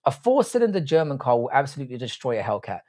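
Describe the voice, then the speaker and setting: Lively, crude male streamer. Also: medium pitch, quick pace. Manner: crude, teasing, swears freely. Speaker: livestream host reading chat. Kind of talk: casual live stream banter.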